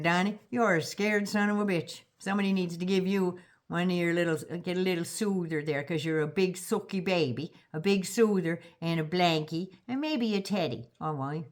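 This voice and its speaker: Older woman, Canadian accent, profane sarcastic rant, mocking, blunt vlog. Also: fairly low pitch. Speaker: vlogger. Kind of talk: ranting political vlog.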